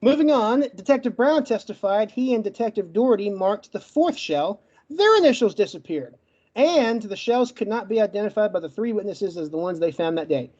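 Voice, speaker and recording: A man giving a debate closing argument in a rapid, list-like way, with a stutter that makes him get stuck on words. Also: high-pitched, expressive, darkish tone, lo-fi sound. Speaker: debate participant.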